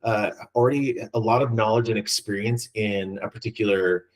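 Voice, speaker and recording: Low-voiced man rambling in casual chat. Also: steady tone, moderate pace, low-quality recording. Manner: rambling with many ums and restarts. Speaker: podcast co-host.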